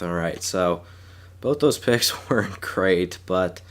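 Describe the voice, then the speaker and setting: A young man with a sore throat, casually commenting on his game and stumbling over player names as he thinks aloud. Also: low-pitched. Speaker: gaming YouTuber.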